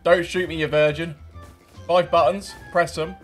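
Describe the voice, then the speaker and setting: Male British gamer-host, slightly high pitch, joking and crude banter over light music. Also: flat delivery, normal speed. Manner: bantering, swearing, laughing often. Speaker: game streamer. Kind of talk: casual gameplay commentary.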